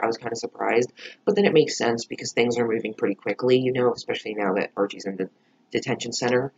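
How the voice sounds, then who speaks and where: A man's voice: mid-range voice, gravelly, a little mellow, husky, dull audio. A man giving a casual, heated reaction review of a TV episode, swearing often and full of fillers.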